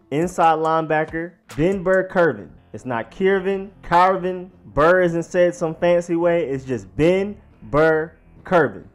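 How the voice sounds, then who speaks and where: A man hosting a sports vlog, casually explaining how to pronounce names, slowly spelling out each one and repeating it. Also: a little high. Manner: slowly sounds out each name, then repeats it. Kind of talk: pronunciation guide, casual explainer.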